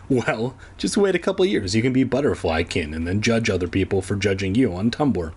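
Husky-voiced man, lively sarcastic reading. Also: on the low side, moderate pace, few pauses. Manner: sarcastic, swears in asides, breaks off to laugh. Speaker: podcast host reading a kids' book aloud. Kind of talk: comedic read-along with rambling asides.

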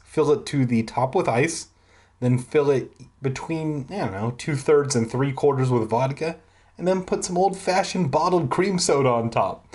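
A man's voice: mid-range voice, slightly rough. A man reading a children's horror book aloud at home, breaking off for sarcastic asides and chatter about his drink. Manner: sarcastic asides mocking the text. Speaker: reader. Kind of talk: comic drunk read-aloud of a kids' horror book.

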